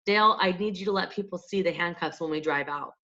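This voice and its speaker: A woman reading a storybook voices a calm male small-town detective who speaks in a measured, dry way. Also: fairly low pitch. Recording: dull lo-fi audiobook recording.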